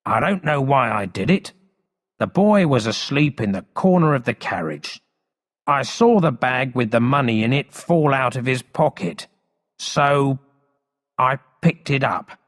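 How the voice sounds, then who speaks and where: A man reading aloud, voicing a sly grown-up thief who pleads his innocence in a low voice. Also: expressive, a little slow, lightly acted. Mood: pleading. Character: sly adult male thief, falsely apologetic. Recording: long hall reverb.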